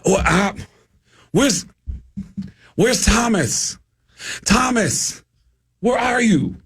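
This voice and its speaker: A man doing a slow, laid-back impression of a male stand-up comic, voiced higher than his own talk. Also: animated, a bit bright, breathy edge, full character voice. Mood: easygoing.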